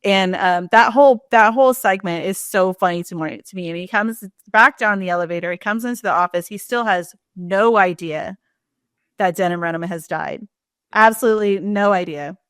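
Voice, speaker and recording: A woman in casual podcast chat, her voice in the middle register. She retells scenes with lively energy and leaps high in pitch when she quotes characters. The sound is dry and close to the mic. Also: normal speed, no echo. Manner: animated retelling, acts out quoted lines with big pitch jumps. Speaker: podcast co-host.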